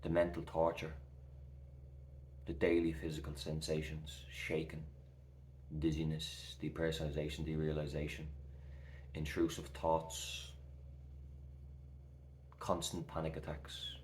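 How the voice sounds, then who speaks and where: A man in his thirties speaks straight to camera in a very deep, even voice. He talks in an earnest, reassuring way, loose and full of fillers. The room around him sounds echoey. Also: unhurried, pauses often, slight background noise. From Ireland. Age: 30s. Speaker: recovery coach vlogger. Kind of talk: heartfelt casual talk to camera.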